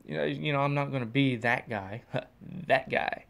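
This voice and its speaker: Rambling, excitable male podcast host. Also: medium pitch, moderate pace, vocal fry. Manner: rambling, self-deprecating, excitable. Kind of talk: casual solo podcast. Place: in a car on the road.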